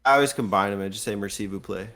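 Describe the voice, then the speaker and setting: A man's voice: lowish voice, very fast, sharp tone. A young man hosting a gaming podcast, trading playful puns and jokes in casual banter. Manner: jokey, playful wordplay. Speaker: podcast host.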